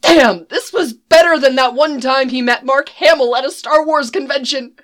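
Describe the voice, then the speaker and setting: A woman narrating a fan fiction story in an expressive reading voice. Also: high voice, normal speed, hardly any pauses.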